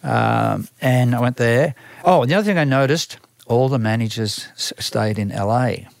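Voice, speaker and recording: A man's voice: mid-range voice, moderate pace, vocal fry, dry recording, studio quality. An older Australian man who manages a band, telling long rambling stories from his career in a casual interview, full of restarts and acted-out quotes.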